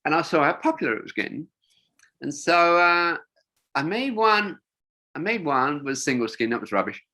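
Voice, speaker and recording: A man's voice: on the high side, big pitch swings, moderate pace, bright, forceful tone. An older man, a wingsuit designer, telling rambling stories in a casual interview, with lots of fillers and restarts.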